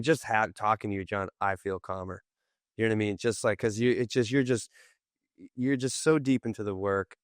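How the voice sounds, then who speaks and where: A man co-hosting a podcast with a smooth, resonant voice pitched a bit low. He gushes gratitude in long, rambling sentences, recorded dry and close. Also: dry recording. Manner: effusive, grateful, rambling. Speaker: co-host. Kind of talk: casual podcast conversation.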